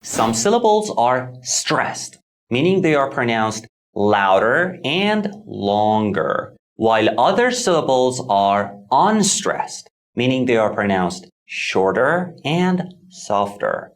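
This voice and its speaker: A man teaching English pronunciation in scripted lesson narration, clear and deliberate as he models words. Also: medium pitch, big pitch swings.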